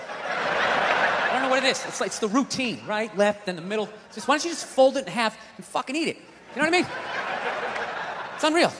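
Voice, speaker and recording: High-voiced man ranting onstage. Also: expressive, a little fast, long pauses. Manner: loud, exasperated rants with shouted punchlines. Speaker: stand-up comedian. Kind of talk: stand-up comedy routine. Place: comedy theater stage. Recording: live hall reverb, crowd laughter and noise.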